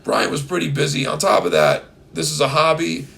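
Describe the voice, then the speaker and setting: A hoarse young man co-hosting a podcast in casual, playful, rambling chat. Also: a little high, very animated, a little fast, sharp tone. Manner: playful, rambling, breaks into silly bits. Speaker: podcast co-host.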